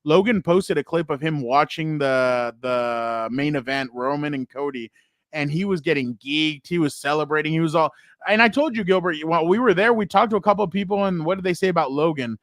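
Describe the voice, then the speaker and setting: A young man co-hosting a sports chat. His voice sits slightly high for a man and jumps higher when he gets worked up or acts out someone else's line. The recording is close and dry. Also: fairly quick, no echo. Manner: excitable, laughs while retelling stories; acts out other people's lines in a raised voice. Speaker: podcast co-host.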